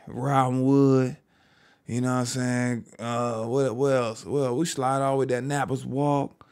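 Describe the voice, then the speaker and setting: A man's voice: medium pitch, a little mellow. A man from Maryland with a Maryland accent, hosting a reaction video and commenting loosely in slang. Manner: loose slangy running commentary, riffing at the screen.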